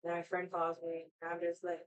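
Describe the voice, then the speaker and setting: Here a woman hosting a stream chats loosely with viewers, cursing freely as she rambles. She talks briskly in a lowish, monotone voice with a clean tone, captured on poor audio.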